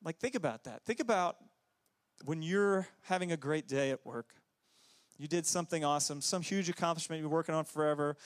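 A man preaching a relaxed, conversational sermon on a church stage. His voice sits a little high for a man, and he talks in loose, rambling asides with plenty of fillers. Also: fairly quick. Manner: conversational, many fillers, jumps into high put-on voices for quotes. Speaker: pastor. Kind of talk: casual sermon.

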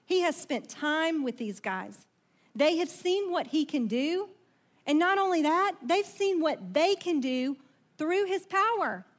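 A woman pastor preaching a sermon in a conversational, animated way, asking her listeners questions and acting out voices from the story. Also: sits high. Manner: acts out quoted voices in the story.

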